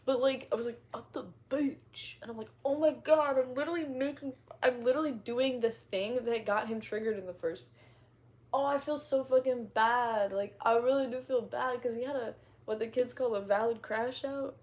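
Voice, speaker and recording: A woman's voice: fairly high pitch, moderate pace, darkish tone. A young woman chatting casually with her followers, rambling in slang, laughing often and retelling stories dramatically. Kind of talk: casual chat.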